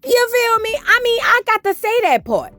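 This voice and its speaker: Sassy high-voiced woman gossip host. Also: very animated, normal speed, sharp tone. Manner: sassy, blunt, slangy. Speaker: reaction channel host. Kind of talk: gossip commentary.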